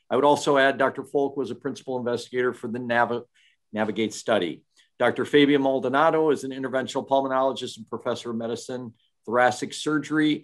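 A man moderating a medical webinar, giving formal introductions of the speakers in a measured way with some fillers. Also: mid-range voice. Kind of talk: scripted introduction.

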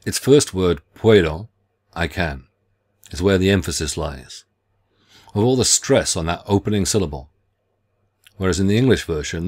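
A middle-aged man reading a scripted literature lecture in a measured, deliberate way, with careful phrasing. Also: sits low, a little mellow, husky.

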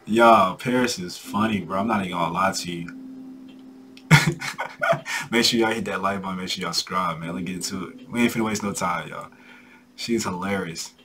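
A man's voice: low-pitched, moderate pace, bright, forceful tone. A man hosting a reaction video, talking straight to his viewers in slangy, hyped casual commentary.

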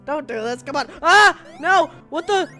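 A woman hosting a let's play, excitable and shrieking at jump scares. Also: high-pitched, normal speed, soft background music. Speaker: gaming channel host.

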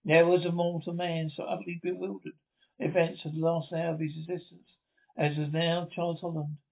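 A man reading a Gothic novel aloud in measured, dramatic narration, on a tinny lo-fi recording. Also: on the high side, little pitch movement, gravelly. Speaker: audiobook narrator.

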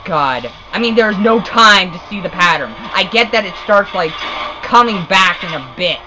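A young man commentating his gameplay, exasperated and often shouting and cursing at the game. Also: high voice, expressive, moderate pace, low-quality recording. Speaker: let's play gamer.

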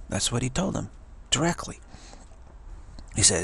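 A man's voice: medium pitch, a little slow, fairly bright tone. A man giving an emphatic spiritual talk, often repeating and restarting words. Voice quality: gravelly and husky. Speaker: spiritual teacher.

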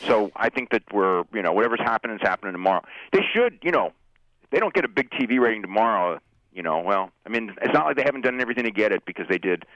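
A man co-hosting a radio show, quick and pushy with his questions, swearing casually. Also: lowish voice, animated, a bit bright, no room sound, lo-fi sound.

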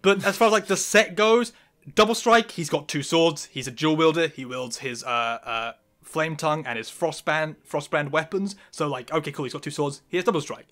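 A man's voice: a little high, moderate pace, fairly bright tone. A man guesting on a casual recorded discussion, talking with rambling enthusiasm and saying "like" often.

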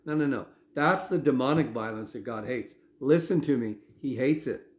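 Male pastor, mid-pitched, talky sermon style with frequent check-ins, roomy echo. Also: moderate pace, hardly any pauses, darkish tone. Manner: conversational preaching with frequent "okay?" asides.

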